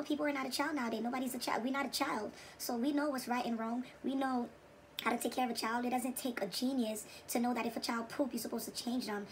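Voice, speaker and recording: A woman's voice: fairly high pitch, a little hiss or hum, low-quality recording. A woman hosting a reaction video, giving preachy commentary and repeating her points for emphasis.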